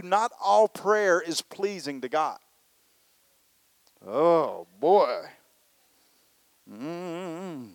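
A man's voice: high-pitched, dry recording. A man preaching a conversational sermon, often saying "you know" and acting out people's complaints in prayer. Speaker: pastor.

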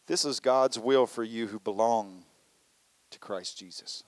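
A man's voice: medium pitch, a little slow, dry recording. A man preaching a conversational sermon, often saying "you know" and acting out people's complaints in prayer. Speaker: pastor.

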